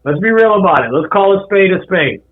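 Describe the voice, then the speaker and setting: A man co-hosting a podcast, pushing back in a measured, challenging way during a casual debate. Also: high-pitched, animated, phone-quality sound.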